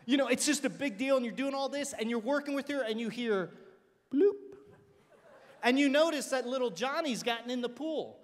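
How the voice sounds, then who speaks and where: Animated high-voiced male keynote speaker. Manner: animated, joking storyteller who swings from shouting to quiet asides. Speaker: motivational speaker. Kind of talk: energetic keynote speech to a student conference. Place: large conference hall. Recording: long hall reverb.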